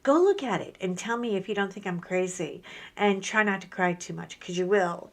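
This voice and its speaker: Woman, 50s, craft-channel host; candid, animated chatter while working at home. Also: mid-range voice, normal speed. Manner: chatty and candid, animated retellings with rising emotion. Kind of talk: casual chat while crafting.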